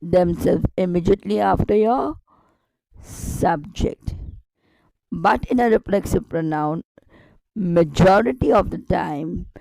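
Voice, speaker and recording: A woman's voice: on the low side, slow pace, gravelly, long pauses, warm tone, dry recording, rough recording. A woman teaching a grammar lesson online, explaining step by step with repetition and rhetorical questions.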